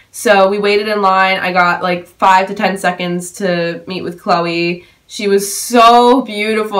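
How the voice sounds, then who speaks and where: A woman's voice: medium pitch, a bit bright. A young woman vlogging a story time, gushing and breathless, with lots of "like" fillers. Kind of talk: excited story-time vlog.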